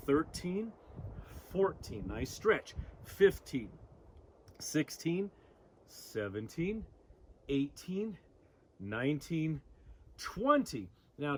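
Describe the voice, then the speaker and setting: A man's voice: a little high, slight background noise. A man leading an outdoor abs workout, counting reps and cueing breaths with upbeat energy. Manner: upbeat, coaching, cues breathing. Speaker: fitness instructor. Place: outdoors among rocks.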